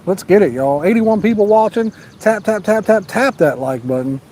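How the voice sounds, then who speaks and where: Outdoors at a lake at night, with a storm close by, a fishing livestream host talks in a high-pitched, mellow, animated voice at a moderate pace. He's laid-back and drawling, reading out viewer comments and pushing them to like and subscribe, over slight background noise.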